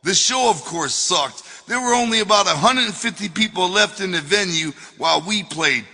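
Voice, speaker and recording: A man's voice: sits high, expressive, moderate pace, in a large hall, very noisy. A man reading his own memoir as an audiobook, telling it in a loose, profane way. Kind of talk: audiobook narration.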